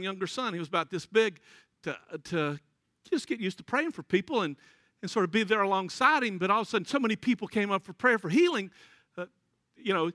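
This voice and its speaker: A man's voice: sits high, sharp tone, dry recording, studio quality. A man preaching a folksy sermon, telling stories and laughing often. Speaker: pastor.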